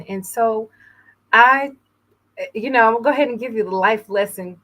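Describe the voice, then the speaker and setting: A woman from New York hosting an inspirational talk show, speaking earnestly and a little emotionally, with frequent pauses. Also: medium pitch, a bit bright. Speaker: host.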